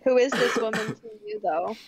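A woman with a fairly high voice chats on a live stream, teasing the others and laughing often. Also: a little fast, background noise. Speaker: voice chat guest. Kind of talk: casual stream chat.

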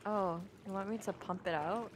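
A woman from Canada, mid-pitched, chats playfully while co-streaming a block-building game, teasing her partner. Clear background noise runs under her voice. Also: moderate pace. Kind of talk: casual gaming chat. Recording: noisy stream audio.

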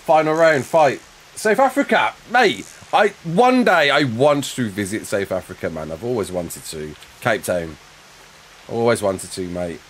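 A young man chatting casually with viewers while playing a game live, quick to laugh and often restarting his sentences. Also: lowish voice, expressive, a little hiss or hum. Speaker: live streamer.

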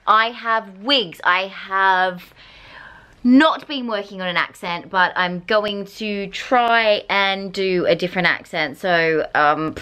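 A woman's voice: medium pitch, a little slow, sharp tone, clean tone. Bubbly Australian woman vlogging. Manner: bubbly, chatty, giggly asides. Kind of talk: casual vlog chat. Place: indoors, small room.

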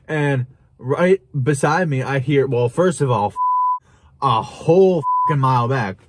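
A young man telling a wild story to camera in a casual, animated way, laughing and swearing as he goes. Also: medium pitch, a little slow, background noise. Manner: animated, chuckling, swearing, with restarts. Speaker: vlogger.

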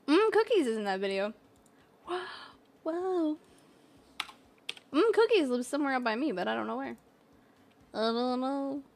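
Bubbly high-voiced woman gamer. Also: lively intonation, measured pace, vocal fry, long pauses, a little hiss or hum. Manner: playful, giddy, with frequent exclamations. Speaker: gaming channel host. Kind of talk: casual gameplay chat.

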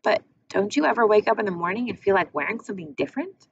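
A woman's voice: mid-range voice, expressive, fast talker, gravelly. A woman voicing a stubborn, easily annoyed young boy who talks in a grumpy, defensive way. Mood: complaining. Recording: muffled with faint hiss.

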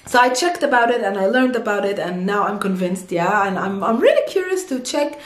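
A woman with an Arabic accent teaching an online language lesson, enthusiastic and giggly, slowing down to pronounce words carefully. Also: medium pitch, expressive, echoey room.

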